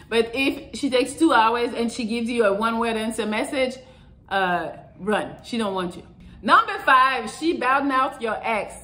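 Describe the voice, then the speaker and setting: A woman's voice: a little high, a bit bright. A young adult woman giving casual relationship advice to camera, blunt and profane, acting out the voices she quotes.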